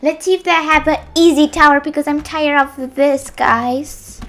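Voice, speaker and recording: High bright-voiced young woman gaming. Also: moderate pace, slight background noise. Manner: frustrated, excitable, swings between loud outbursts and muttering. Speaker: gamer. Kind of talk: casual gameplay commentary.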